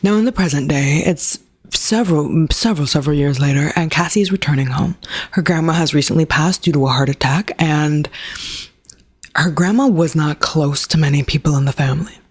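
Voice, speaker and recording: A woman's voice: low-pitched, brisk, darkish tone, slightly rough. A woman book reviewer retelling a plot in a chatty way, with sarcastic asides. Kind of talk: casual book review rant.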